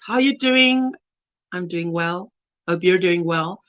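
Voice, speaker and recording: A woman from South Africa hosting a crochet livestream from home, chatting casually and warmly greeting viewers by name. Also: lowish voice, slow, muffled recording. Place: at home, indoors.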